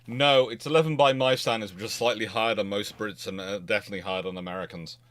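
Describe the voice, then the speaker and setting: A male naval historian hosting a casual livestream chat, animated and sarcastic, acting out both sides of the arguments he describes. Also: lowish voice, fast talker, a little hiss or hum. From half Scottish, half Cornish.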